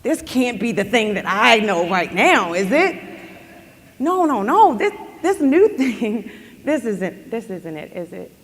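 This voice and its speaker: A woman voicing a devoted, upset young woman who protests loudly and slowly. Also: fairly low pitch, lively intonation, creaky, voice pushed down. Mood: disbelieving. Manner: loud, slow, pleading protest. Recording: long hall reverb.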